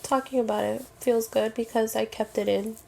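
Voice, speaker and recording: Woman co-host, teary and candid, gravelly fry, a touch high; casual, laughs easily. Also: fairly even intonation, moderate pace, a little mellow, slight background noise. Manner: candid, laughing, swears casually, mixes in Spanish words. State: teary after crying. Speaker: podcast co-host. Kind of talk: casual podcast chat. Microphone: handheld mic.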